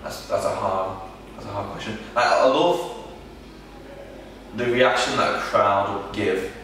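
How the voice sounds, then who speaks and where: A man, a wrestler, answering interview questions in a halting, casual way with many restarts. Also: on the low side, fairly bright tone, a little hiss or hum. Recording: echoey room from far off.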